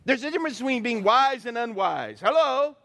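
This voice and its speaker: A man preaching a sermon, animated, acting out voices and calling for responses from the congregation. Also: extremely high pitch, a little fast, creaky. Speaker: pastor.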